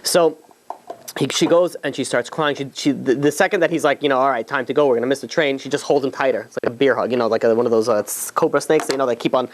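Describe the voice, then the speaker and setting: A man's voice: mid-range voice, quick pace. A man, a rabbi, telling a story to an audience in a conversational way with many fillers and restarts.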